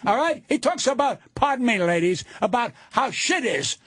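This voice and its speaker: An older male comedian ranting loudly and profanely as a guest in a radio studio. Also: very high-pitched, sing-song, normal speed, no room sound. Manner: loud, profane, indignant ranting.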